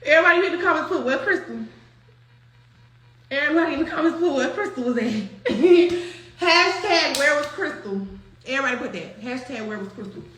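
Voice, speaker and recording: A young woman with a high, bright voice tells a story to her viewers. She talks in an animated, profane and slangy way, restarts her sentences often, and the room around her echoes. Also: brisk. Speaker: storyteller recounting a night out. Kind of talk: casual storytelling to an online audience. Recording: roomy echo.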